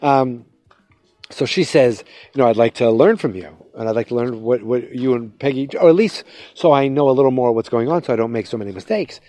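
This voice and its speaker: A man hosting a podcast, recapping a TV episode in a loose, rambling way and acting out quick quotes, recorded on a phone outdoors at night. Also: medium pitch, warm tone, no echo. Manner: rambling, retells scenes with quick quoted voices. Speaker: podcast host. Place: outdoors at night, fireworks nearby.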